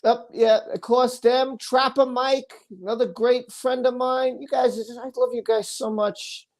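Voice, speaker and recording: Woman livestream host, slightly high voice, gushing thank-yous, stumbles over words a lot. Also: steady tone, measured pace, darkish tone. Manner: effusive and emotional, thanking viewers, tumbling over words. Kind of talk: casual livestream chat.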